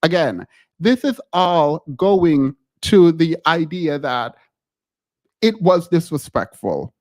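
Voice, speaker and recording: A man hosting a casual live call-in stream, animated and laughing, often breaking off mid-sentence. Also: a little high, takes it slowly. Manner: animated, laughing, self-interrupting.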